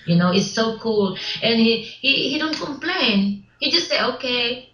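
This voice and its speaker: A woman who is not a native English speaker, talking in a casual interview about her film work in halting English with many restarts, repeated words and frequent laughs. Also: on the high side, animated, echoey room, highs cut off, crowd noise. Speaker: actress and filmmaker guest.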